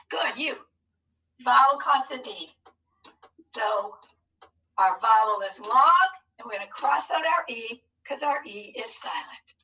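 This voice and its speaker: Slow bright-voiced woman teacher. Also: high voice, far from the mic, rough recording. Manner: slow, encouraging, modelling each syllable. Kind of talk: phonics lesson video.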